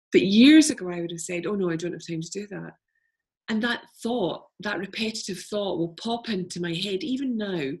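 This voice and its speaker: A woman's voice: mid-range voice, creaky. A middle-aged Scottish woman, a podcast guest, talking reflectively and chatting easily in a casual conversation. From Scotland.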